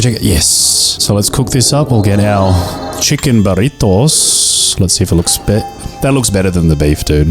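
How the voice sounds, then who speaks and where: A man comments casually over a game in a low voice, joking, talking to the characters and sometimes bursting into excitement. Soft music plays faintly behind him. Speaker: gaming video host.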